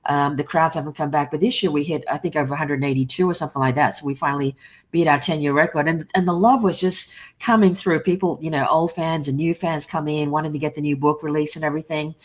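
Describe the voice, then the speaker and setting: An Australian woman with a fairly low voice, guest in an interview about her comics. She tells anecdotes with energy, acting out the people in them and laughing often. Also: fast. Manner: animated storyteller who acts out quoted people and laughs often. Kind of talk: lively anecdote telling.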